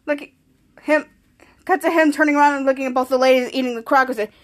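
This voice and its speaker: This podcast host, a woman with a high-pitched voice, talks fast as she casually breaks down a TV episode one shot at a time. Rambling and stumbling over restarted phrases, she keeps tying scenes together with "cut to."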